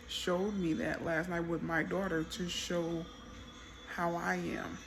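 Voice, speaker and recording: A woman telling a personal faith story in casual testimony style, animated when she quotes her young daughter. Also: on the low side, slow pace, soft background music. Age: adult mother. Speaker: Christian content creator.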